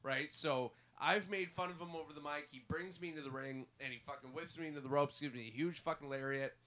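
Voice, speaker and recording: A man tells stories as a podcast guest, rambling and casual with frequent fillers and curses. His voice has a bright, forward ring. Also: fairly high pitch, fairly quick. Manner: rambling, many fillers, swears freely. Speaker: guest, former wrestler.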